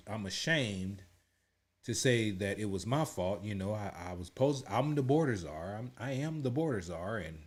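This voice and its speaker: A halting woman politician, flustered and evasive, who trips over "uh" and "you know" at every turn, as a man mocks her. The voice stays low, close to his own. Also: natural voice. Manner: hesitant, filled with "uh" and "you know".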